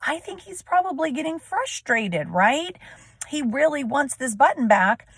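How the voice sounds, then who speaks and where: A woman's voice: high-pitched, big pitch swings, unhurried, dry recording. Teacher woman reading to children. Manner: asks questions, checks with "right?". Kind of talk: reading aloud and explaining to children.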